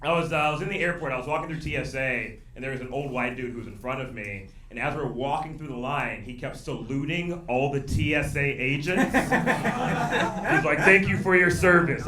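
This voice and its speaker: A young man from Alabama, doing a stand-up comedy set with punchy, animated delivery. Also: a little high. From Birmingham, Alabama. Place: comedy club stage with audience. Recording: echoey club, roomy and distant. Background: audience laughter.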